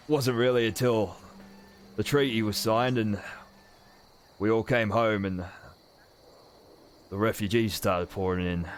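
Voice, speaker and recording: A man voicing a blunt, weary male soldier veteran in a tabletop game, gruff and casual, trailing off as he speaks. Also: fairly low pitch, a little hiss or hum, close to an everyday voice.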